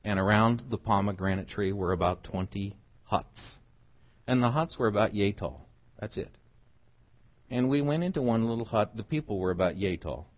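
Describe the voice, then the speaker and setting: Husky-voiced man preaching a sermon. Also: fairly low pitch, normal speed, muffled recording. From United States. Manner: emphatic, swings from soft to loud.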